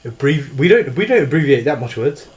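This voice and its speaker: A man's voice: mid-range voice, sing-song, quick pace. An Australian man co-hosting a podcast, joking and arguing in casual chat and laughing often. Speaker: podcast co-host.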